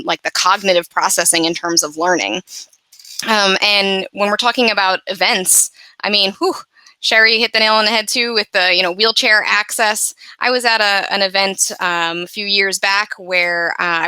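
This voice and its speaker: Woman panelist on a video call, frank and chatty, with a bright edge to her voice and a dry, close sound. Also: medium pitch, no echo, low-quality recording. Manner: candid, conversational, with many fillers. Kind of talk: personal account in an online panel discussion.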